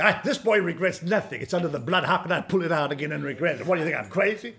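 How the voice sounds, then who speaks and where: A man in his sixties preaching a sermon as pastor, folksy and emphatic, swinging from quiet asides to loud exclamations. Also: high voice, very animated, rapid-fire, vocal fry, hardly any pauses. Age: 60s.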